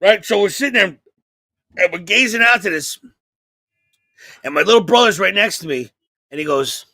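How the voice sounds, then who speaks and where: High-voiced, bright comic storyteller man. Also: moderate pace, gravelly, no room sound. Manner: animated, profane, acts out voices. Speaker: comedian podcast host.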